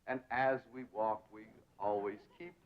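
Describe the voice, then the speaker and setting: A man's voice: lowish voice, steady tone, a little slow, a little hiss or hum, natural voice. An actor playing a pompous young society man who lectures grandly on posture and diction in a 1960s sitcom. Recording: dull 1960s TV soundtrack.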